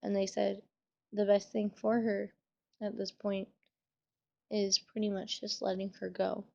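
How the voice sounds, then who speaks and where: A young woman speaks in a flat, gravelly voice, close to tears as she talks casually to the camera and swears. The recording sounds dull and lo-fi, like a home webcam. Her delivery is loose and full of fillers. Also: medium pitch, a little slow. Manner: emotional, trying to hold back tears. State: tearful. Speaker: vlogger. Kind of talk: personal storytelling vlog.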